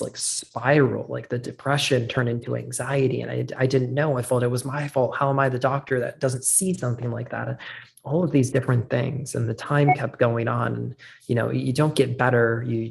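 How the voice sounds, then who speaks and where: A man's voice: medium pitch, creaky. A man, a podcast guest, telling a personal story in a casual interview, earnest and candid, with frequent filler words.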